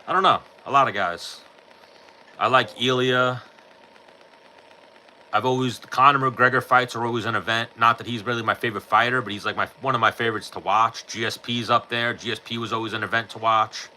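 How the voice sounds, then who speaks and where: A man's voice: mid-range voice, steady tone, fairly quick, bright, forceful tone, a little hiss or hum, rough recording. A man, hosting a podcast and answering chat questions in a blunt, profane, offhand way. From New York. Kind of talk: casual chat.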